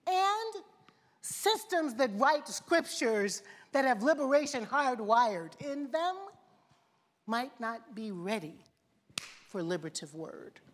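A woman's voice: fairly high pitch, big pitch swings, takes it slowly. A woman preaching a sermon with passion, building through rhetorical questions and repeated phrases. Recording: long reverb of a large hall.

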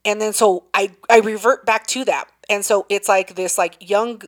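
A young adult woman co-hosting a casual chat, an animated storyteller who swears freely and acts out quotes. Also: mid-range voice, moderate pace.

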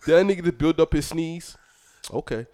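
A man's voice: fairly high pitch, normal speed, darkish tone. A man with a New York accent, hosting a podcast in loose, joking casual chat, swearing and laughing often. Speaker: podcast host.

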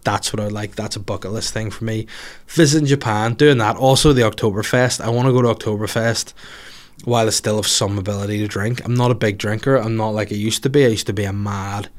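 A man's voice: fairly low pitch, fairly even intonation, fast. A man, a comedian chatting casually on his podcast, rambling and swearing through jokey asides. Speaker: comedian podcaster answering listener questions. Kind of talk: casual solo podcast chat.

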